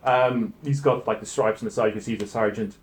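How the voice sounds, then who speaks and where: A man's voice: lowish voice, steady tone, quick pace. A man from South Africa narrating a tabletop game as game master, casual and full of fillers. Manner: casual, filler-heavy, hesitant.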